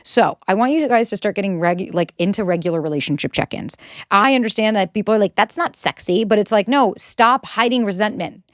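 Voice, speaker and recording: A woman's voice: medium pitch, brisk, dry recording, clean studio sound. A woman in her thirties giving casual relationship advice, blunt and sarcastic, swearing freely. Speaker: relationship coach.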